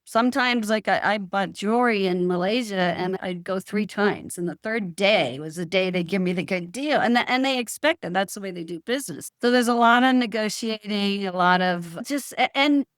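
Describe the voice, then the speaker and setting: A middle-aged woman, a real estate professional, telling stories in a calm, assured way in a casual interview. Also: medium pitch, normal speed, hardly any pauses, dry recording, clean studio sound. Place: California.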